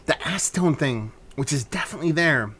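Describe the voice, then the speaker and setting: A man's voice: a little high, expressive, a little fast, fairly bright tone, breathy edge. A man casually reviewing a hazy beer on his vlog, talking loosely with rambling asides and frequent swearing.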